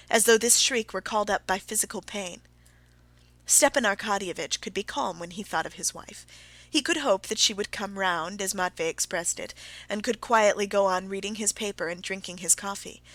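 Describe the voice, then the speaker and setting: Bright-voiced woman audiobook narrator. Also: medium pitch, dry recording. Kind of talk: classic novel narration.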